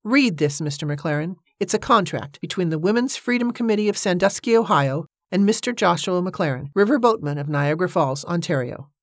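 A woman's voice: lowish voice, expressive, a little fast, hardly any pauses, no echo, studio quality. A woman voicing a bossy, impatient lady who gives firm orders and insists on getting her way, in a storybook reading. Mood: commanding. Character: bossy, imperious middle-aged woman organizer.

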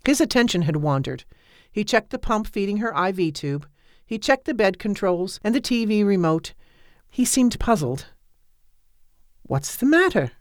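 A woman narrating a novel as an audiobook in a measured, even manner. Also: medium pitch, no room sound, clean studio sound.

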